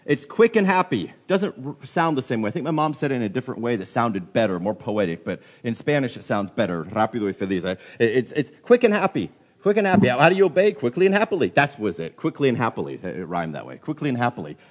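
A man preaching a sermon, animated and full of questions, repeating himself as he goes, with a cold coming on. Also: medium pitch, quick pace. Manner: animated, questioning, with many restarts. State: getting a cold. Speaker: pastor.

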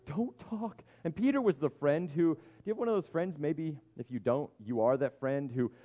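A man's voice: on the high side, a little fast, muffled recording. A man preaching a sermon in a conversational, humorous way, often stopping to restart his sentences. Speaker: pastor.

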